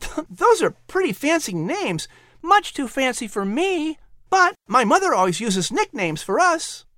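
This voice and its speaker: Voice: sing-song, measured pace, a bit bright, no echo, studio quality, exaggerated voice. An eager little boy. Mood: polite. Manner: high, pleading boyish voice. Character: eager young boy on his birthday. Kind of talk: audiobook character voice.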